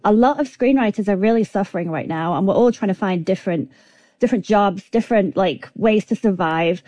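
A woman guest with a mid-pitched voice, talking through her answers in a chatty way. She fills her sentences with "like" and "kind of". The sound is dry and close. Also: a little fast, warm tone, dry recording. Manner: chatty, with many "like" and "kind of" fillers. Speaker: guest screenwriter. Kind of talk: interview answers.

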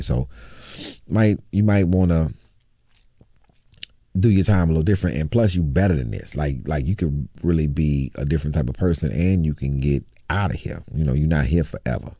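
A male comedian, a guest on an interview show, telling stories in an animated, sarcastic way. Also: rumbling low, normal speed, no room sound, studio quality. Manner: animated, sarcastic, laughing storytelling. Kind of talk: storytelling interview.

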